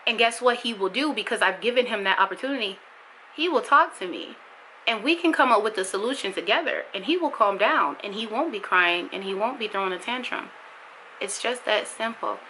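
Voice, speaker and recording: A woman's voice: lively intonation, brisk, slight background noise, rough recording. Impassioned young woman vlogger. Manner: impassioned, emphatic, repetitive for emphasis; bursts high and loud when mimicking others. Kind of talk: candid vlog monologue.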